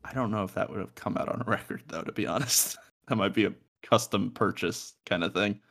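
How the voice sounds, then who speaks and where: Low-voiced young man joking on a podcast. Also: fairly quick, gravelly, fairly bright tone. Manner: joking, swears, laughs often. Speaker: podcast co-host. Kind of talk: casual podcast chat about music. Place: home room by a window.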